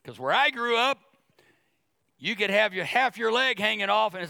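Man, middle-aged, pastor, sermon, animated and jokey, acts out voices, bright forceful tone, dry sound. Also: high voice, moderate pace, gravelly, dry recording.

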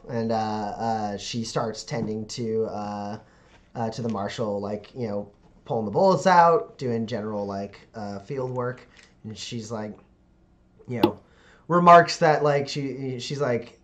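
A man's voice: medium pitch, measured pace. Man, game master, mid-range voice, loose filler-heavy storytelling. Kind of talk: narrating a tabletop game.

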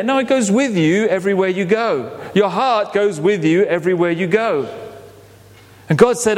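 A man preaching a sermon, telling it as an animated story and acting out the quotes. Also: high voice, normal speed. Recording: long hall reverb.

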